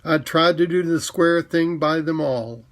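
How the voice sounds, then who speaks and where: A humble, plain-spoken cab driver with a Cockney accent, as a man puts him on in a read-aloud. He talks hesitantly and modestly in a gravelly, somewhat high voice. He speaks slowly. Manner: humble, hesitant, plain working-class talk. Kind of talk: storybook reading aloud.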